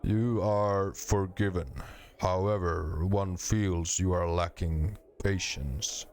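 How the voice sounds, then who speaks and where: A man voicing a stern, ponderous stone-like warrior monk who speaks very slowly and refers to himself by name. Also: low voice, steady tone, a little mellow.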